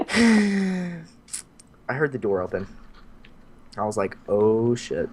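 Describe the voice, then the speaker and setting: Young man, podcast host, lively casual storytelling, acts out voices, swears a lot. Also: medium pitch, extremely slow, slight background noise. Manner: animated, acts out voices in his stories, swears freely.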